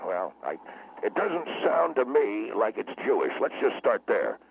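Man doing a blustering male guest, gravelly, hot-tempered, tinny phone line. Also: big pitch swings, unhurried, a little hiss or hum, heavily acted. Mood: lecturing. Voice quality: gravelly, explodes into shrill outbursts. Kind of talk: comic radio character.

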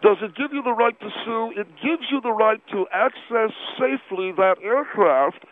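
A stuffy, indignant activist voiced by a man lectures formally with food in his mouth. His voice sits fairly high, and it comes through a thin, tinny phone line. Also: moderate pace, slight background noise, lightly acted. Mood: pompous. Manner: stiff, formal and indignant, chewing while talking. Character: pompous overweight male activist who talks with his mouth full.

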